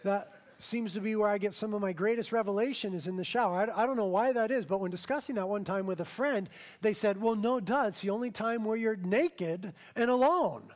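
Man, pastor, sermon, high voice, animated storytelling, emphatic slow build-ups.

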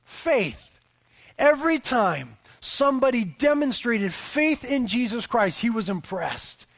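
A man in his thirties, a pastor preaching a sermon and telling family stories in an animated way, his voice swelling for emphasis. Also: very high-pitched, slow, creaky.

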